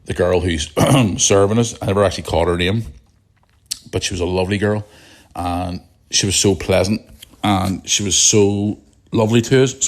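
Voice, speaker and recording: A middle-aged Northern Irish man hosting a solo podcast, chatting in a blunt, rambling way with a croaky morning voice. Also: sits low, fairly even intonation, moderate pace. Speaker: podcast host. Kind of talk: casual solo podcast chat.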